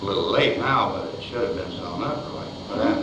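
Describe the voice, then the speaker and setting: A man's voice: lowish voice, brisk. An older man, a film director, rambling through chuckling anecdotes about his old Westerns in an interview. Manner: chuckling, rambling storyteller with restarts. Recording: echoey room, far mic, background noise.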